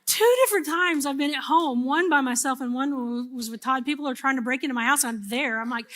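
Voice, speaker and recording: A middle-aged woman pastor preaching a sermon, telling a personal story in an animated, humorous way. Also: sits high, quick pace, few pauses.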